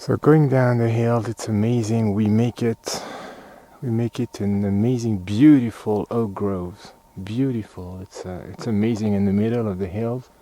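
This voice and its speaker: A man's voice: fairly low pitch, fairly even intonation, moderate pace, warm tone, dry recording, rough recording. A man from France with a French accent, chatting casually as he films a hiking trail outdoors in the cold, slightly out of breath and muttering asides as he walks. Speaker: hiking vlogger. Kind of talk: casual walking commentary.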